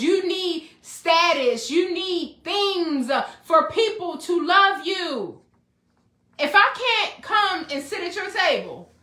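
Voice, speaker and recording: Excitable woman preaching self-love. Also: high-pitched, roomy sound. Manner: excitable, preachy, rhetorical questions and repetition. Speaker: self-help speaker. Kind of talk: motivational preaching talk.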